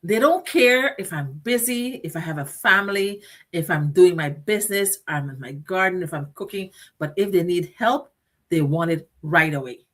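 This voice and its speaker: A woman's voice: on the low side, expressive, moderate pace, a bit bright. A middle-aged woman hosting a motivational talk show, speaking earnestly and directly to her listeners and repeating phrases for emphasis. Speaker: host.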